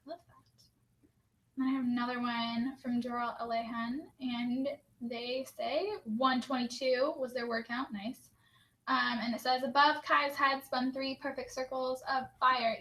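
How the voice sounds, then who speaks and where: A woman's voice: on the high side, bright, forceful tone. A young woman co-hosting a writing session, cheerfully reading out participants' quotes in casual chat. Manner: cheerful, reads quotes aloud. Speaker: write-in co-host.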